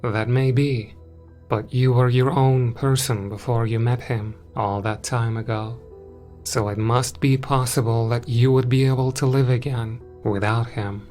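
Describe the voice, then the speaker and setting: A cruel winged creature speaks with slow, deliberate contempt, dragging out each taunt, as a man acts it out. The pace is very unhurried and the pitch sits in an ordinary middle range. Soft music plays beneath the horror story. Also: steady tone, close to an everyday voice. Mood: probing. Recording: music in the background.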